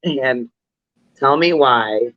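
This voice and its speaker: A man's voice: medium pitch, extremely slow, noisy background. A man hosting a casual gossip livestream, laughing often and swearing freely as he mimics other people. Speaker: livestream host. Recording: lo-fi stream audio.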